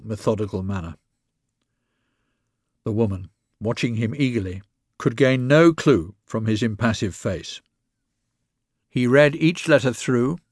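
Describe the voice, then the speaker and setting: A man reading a story aloud in a measured, even narration. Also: mid-range voice, dry recording, clean studio sound. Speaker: reader.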